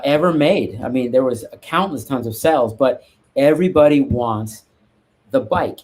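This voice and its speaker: A man talks casually on a live stream, rambling and circling back with restarts and asides. His voice sits at an ordinary middle pitch. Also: a little mellow. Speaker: guest art collector.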